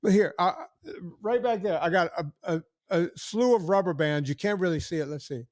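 A man's voice: sits high, moderate pace, a little mellow, no echo, studio quality. A man in his sixties hosting a podcast, rambling in casual chat with many restarts and acted-out quotes. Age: 60s. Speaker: podcast host.

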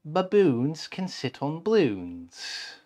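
A man voicing a bossy frog in a children's picture book read aloud, in a slow, loud, emphatic delivery with a lively rise and fall. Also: on the high side. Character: bossy male storybook frog.

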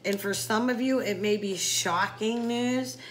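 A woman's voice: a little high, unhurried, slight background noise, low-quality recording. A woman doing a casual tarot reading to camera, chatty, with many fillers and talking straight to the viewer. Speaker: psychic tarot reader.

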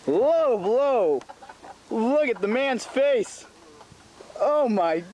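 A man giving excited play-by-play commentary on a backyard wrestling match, gasping "oh" at every move. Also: very high-pitched, extremely slow. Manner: excitable, frequent gasps of "oh". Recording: noisy outdoor camcorder audio.

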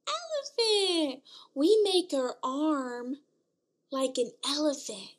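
A woman speech therapist teaching toddlers in an exaggerated sing-song voice, with slow, drawn-out words and frequent gasps. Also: sits high, expressive. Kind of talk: toddler learning video.

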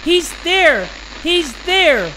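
A man voicing a pair of creepy young children, speaking in an eerie, flat, insistent way. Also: very high-pitched, drawn-out words, a little hiss or hum, pitched above the performer's own voice, full character voice, low-quality recording.

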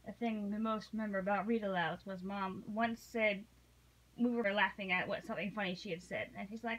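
Chatty woman telling an animated story. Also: medium pitch, fairly quick, poor audio. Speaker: read-along podcast co-host. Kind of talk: casual chat.

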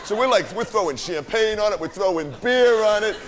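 Over a loud crowd, a man speaks fairly quickly in a high voice with lively intonation, playing a cocky, profane young streetwise guy in a live theater monologue. He brags his way through a wild party story, forever tacking on "right?".

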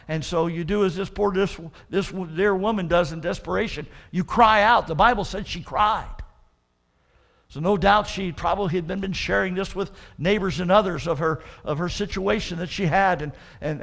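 A man pastor delivering an earnest sermon, often restarting with repeated words and swelling into loud emphatic warnings. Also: fairly high pitch, normal speed, creaky.

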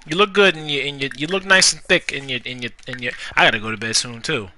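A young man giving casual, profane commentary while playing a life-simulation game, scolding the characters out loud. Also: medium pitch, fast talker. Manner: animated, profane, talks to the game characters, rhymes jokingly. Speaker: gaming YouTuber. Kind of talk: casual Let's Play commentary.

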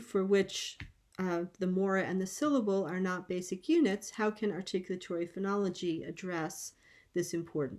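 A woman lecturing on linguistics at an academic colloquium, speaking in a measured, explanatory way with frequent pauses and ums, over a video call. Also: lowish voice, a little mellow. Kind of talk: academic conference talk.

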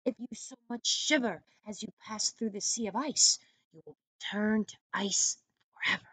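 A woman reading as a croaky wrinkled old man. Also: mid-range voice, normal speed, fairly bright tone, dry recording. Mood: ominous. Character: wrinkled old man at a mountain hut, ominous.

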